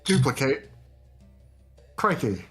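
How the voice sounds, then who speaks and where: A man voicing a boisterous, wildlife-loving adventurer, chummy and excitable, in tabletop role-play. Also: medium pitch, slow pace, slightly rough, soft background music, exaggerated voice. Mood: excited. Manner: chummy, excitable, keeps saying mate.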